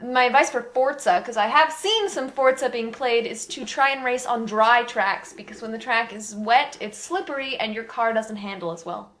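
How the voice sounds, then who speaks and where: A woman's voice: fairly high pitch, moderate pace, few pauses, fairly bright tone. A woman co-hosting a casual podcast, dry and teasing in a playful way. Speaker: podcast co-host. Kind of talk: casual chat.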